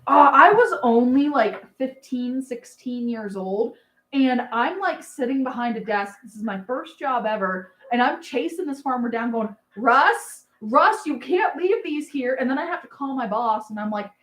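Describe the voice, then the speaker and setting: Woman, 30s, livestream host; chatty, filler-heavy, affectionate, slightly high voice in a roomy space. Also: animated, moderate pace, fairly bright tone. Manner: chatty and rambling, many fillers and laughs; doting on her dog. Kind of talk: casual livestream chat.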